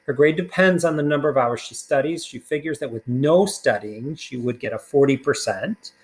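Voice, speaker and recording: A man's voice: medium pitch, moderate pace, rough recording. A man teaching a recorded math lesson, talking casually through worked problems with fillers along the way.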